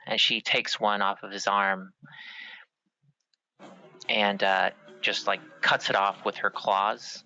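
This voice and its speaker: A man describing his character's actions in a tabletop game, in a halting, filler-heavy way. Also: on the low side, little pitch movement, sharp tone, highs cut off. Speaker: player.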